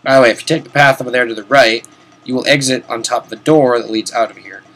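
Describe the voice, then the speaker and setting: A man hosting a video-game playthrough, chatting and rambling as he plays, swearing casually, his voice a little sore and hoarse. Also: mid-range voice, fairly even intonation, fast, fairly bright tone. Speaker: host. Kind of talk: let's-play game commentary.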